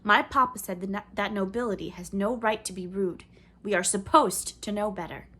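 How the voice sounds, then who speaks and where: A woman's voice: medium pitch, moderate pace, a bit bright, breathy edge. A woman voicing a bold, cheerful noble young girl who speaks firmly and proudly, in a storybook reading. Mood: haughty. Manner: firm, proud, playful.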